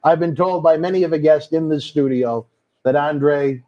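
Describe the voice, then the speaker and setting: High-voiced host with a Boston accent. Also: male voice, normal speed, mellow, highs cut off. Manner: reads out viewer comments, calls people brother. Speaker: host of a wrestling watch-along stream. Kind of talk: casual live-stream chat.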